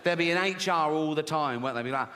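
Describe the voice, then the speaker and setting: A man's voice: on the high side, fast talker, bright, forceful tone. A British man doing stand-up comedy, brash and profane, often chuckling at his own jokes. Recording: long hall reverb, faint noise.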